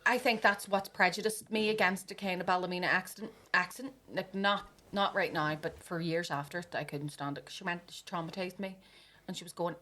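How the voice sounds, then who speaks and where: A young woman in casual podcast chat. Her voice is bright and forward, and she tells stories with blunt swearing and lots of asides to her co-host. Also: on the low side, a little fast. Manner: lively, swearing storyteller.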